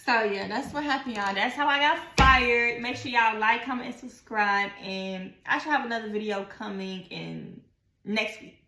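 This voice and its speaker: A young woman, telling a slangy, animated storytime in a casual vlog. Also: a little high, normal speed. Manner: animated, slangy storytelling, voices others in quotes. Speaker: vlogger. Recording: echoey room with faint music.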